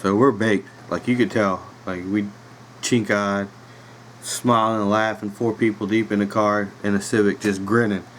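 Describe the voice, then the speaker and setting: A man in his thirties with a relaxed Virginia accent spins a rambling podcast story full of fillers and side remarks. His voice sits on the low side. A faint air conditioning hum runs underneath the home recording. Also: measured pace, rough recording. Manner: laid-back rambling with fillers and laughs. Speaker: podcast host. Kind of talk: casual storytelling. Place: home room with a dog nearby.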